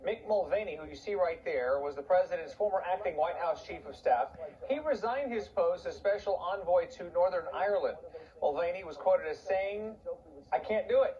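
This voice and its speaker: Male anchor, fairly high voice, formal news read, dull lo-fi audio. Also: normal speed. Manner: steady, formal delivery. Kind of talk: broadcast news reading.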